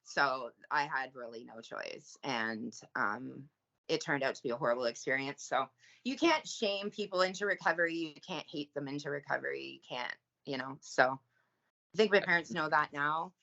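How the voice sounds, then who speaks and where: A woman's voice: low voice, normal speed, vocal fry, bright, forceful tone, highs cut off. A Canadian woman talking as a podcast guest in earnest, casual chat with frequent fillers.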